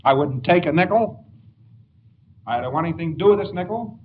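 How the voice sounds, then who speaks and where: A man's voice: fairly high pitch, animated, a little fast, distant mic, pitched above the performer's own voice, natural voice. A man playing a demanding little boy who whines and insists, on a dull old tape recording. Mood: petulant. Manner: whiny, insistent. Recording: dull lo-fi tape with faint hiss.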